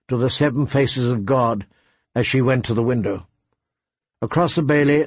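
A man's voice: mid-range voice, dry recording. Man reading a story aloud. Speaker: narrator. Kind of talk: audiobook reading.

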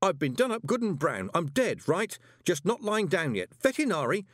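A man's voice: high-pitched, big pitch swings, moderate pace, no room sound, clean studio sound, pitched above the performer's own voice. A man voicing a theatrical, easily panicked young male conman. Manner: screaming, theatrical.

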